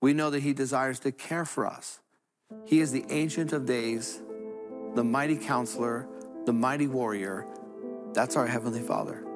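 A man's voice: medium pitch, moderate pace, music in the background. A man preaching an earnest sermon as a Catholic priest, telling a story and repeating phrases for emphasis.

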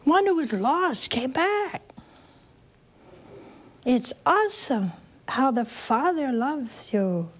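Folksy woman preacher with a fairly high voice and an unhurried, chatty sermon delivery. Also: animated. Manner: folksy and chatty, laughing at her own asides; acts out characters in the story. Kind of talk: storytelling sermon to a live audience.

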